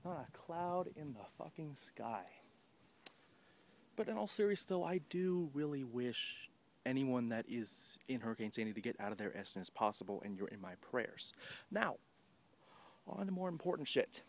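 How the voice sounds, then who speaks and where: A man's voice: mid-range voice, lively intonation, moderate pace. Taunting young man with a cold. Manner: taunting, scornful, rambling. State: has a cold. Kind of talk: wrestling-style trash-talk promo.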